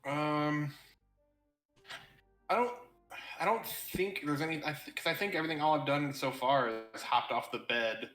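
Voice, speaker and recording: A woman's voice: low voice, moderate pace, pauses often, a bit bright, roomy sound, faint music behind, poor audio. A woman player in a tabletop game, blunt and joking, swearing freely. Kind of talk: casual game chat.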